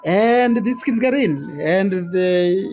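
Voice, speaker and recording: High-voiced Kenyan man, animated storyteller. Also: slow pace. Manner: animated, repeats words, laughs often. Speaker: interview guest. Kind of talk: storytelling in conversation.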